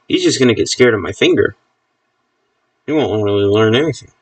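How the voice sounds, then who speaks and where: A man's voice: mid-range voice, fairly quick, no echo, distant mic. A man chatting casually on a live stream, amused, talking to his pet snake as he handles it.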